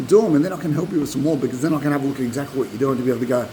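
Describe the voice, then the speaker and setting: A middle-aged man giving dog-training advice in a casual, animated way, repeating points and acting out dog voices, recorded on a propped-up phone. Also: medium pitch, very fast, few pauses, slight background noise, rough recording. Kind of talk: casual instructional talk.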